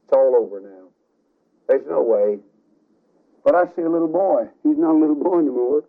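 Heard through a tinny radio broadcast, a man preaches a revival sermon, spinning a dramatic story that lurches between loud and soft. His voice sits on the high side with some vocal fry, delivered at a normal speed.

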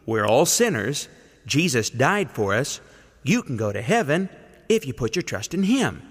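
Lively preacher in an echoing hall. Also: male voice, medium pitch, slightly rough. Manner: slow, coaxing, leads the listeners to repeat each phrase. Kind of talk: teaching a call-and-response gospel lesson.

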